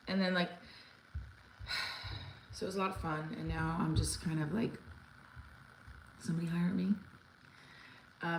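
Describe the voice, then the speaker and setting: A woman in her forties chatting casually on a livestream from home, rambling with lots of fillers and restarts. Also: on the low side. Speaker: comedian livestream host. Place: home room. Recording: echoey room with faint ambient noise.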